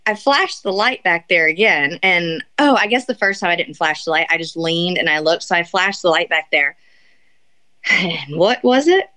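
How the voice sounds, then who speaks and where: A woman's voice: lowish voice, animated, normal speed, pushed and bright. A young woman chatting casually and telling an embarrassing story. She rambles with many fillers and restarts and often breaks into laughter. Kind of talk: casual chat.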